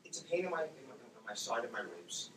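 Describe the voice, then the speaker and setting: Talking fairly quickly in a medium pitch, a man in his forties shares a personal story before an audience. Animated throughout, he performs the voices of himself and the other people involved; the audio is roomy and distant, with background noise.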